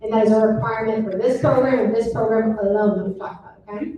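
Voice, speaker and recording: A woman's voice: a little high, steady tone, fast talker, mellow. A woman mortgage lender giving a seminar presentation, explaining step by step and checking in with the audience. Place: seminar room. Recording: echoey room, mic far off, faint noise.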